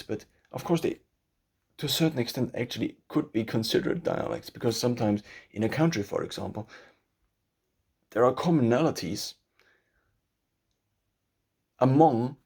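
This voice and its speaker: A man's voice: mid-range voice, a little mellow, husky. A young man with a German accent, talking through his thoughts in a loose spoken essay, restarting phrases as he goes. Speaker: vlogger.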